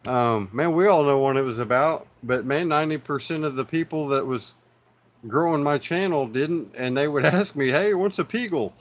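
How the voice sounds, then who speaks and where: This Oklahoma-accented streamer chats casually in a mid-range voice at a moderate pace. His talk is relaxed and meandering, packed with fillers and addresses to "y'all."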